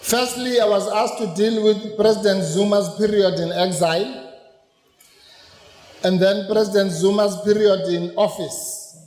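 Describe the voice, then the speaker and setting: A South African man giving a political lecture at a rally, rousing and then deliberate as he explains, slipping into Zulu phrases. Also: high-pitched, steady tone, a little mellow. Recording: echoey hall with long reverb.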